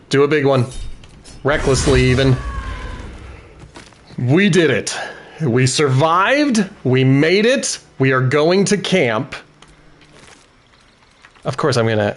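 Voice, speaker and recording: A man with a mid-pitched voice talks at an easy, slow pace while playing a game. He thinks through each tactical choice aloud and cheers on his party members between turns. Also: lively intonation, gravelly. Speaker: gaming video host. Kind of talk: let's-play commentary.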